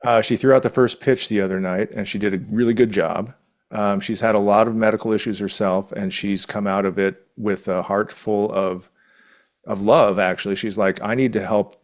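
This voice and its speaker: This man's voice sits on the low side with little pitch movement at normal speed. As a podcast co-host, he talks in a casual, enthusiastic, rambling way, frequently restarting sentences.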